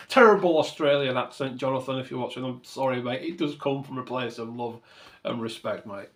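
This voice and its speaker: A man's voice: medium pitch, brisk, a bit bright. Earnest man giving thanks. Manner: earnest and thankful, rambling with lots of self-corrections. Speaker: model railway channel host. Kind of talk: reflective to-camera vlog talk.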